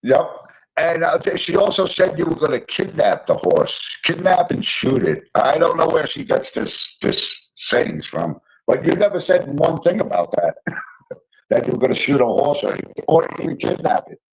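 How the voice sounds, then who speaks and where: A man's voice: fairly high pitch, big pitch swings, normal speed, vocal fry, husky, rough recording. A man hosting a live stream, chatting casually and agreeing with his guest in short replies while greeting viewers.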